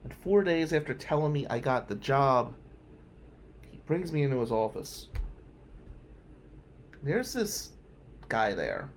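Man telling a raw personal story, lively pitch. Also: takes it slowly, pauses often, slight background noise. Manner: candid, emphatic, with some swearing. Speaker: podcast host.

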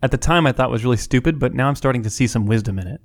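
A man's voice: medium pitch, rapid-fire, no room sound, clean studio sound. A man in his late thirties co-hosting a podcast, chatting casually and telling stories with playful asides and frequent laughs. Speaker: podcast co-host. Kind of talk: casual chat.

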